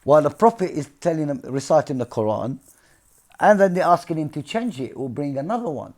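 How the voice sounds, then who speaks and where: A religious commentator explains scripture in an informal, earnest talk, his voice on the high side, a little fast and a little mellow, with big pitch swings. He keeps checking in with listeners, asking "yeah?" and "see?"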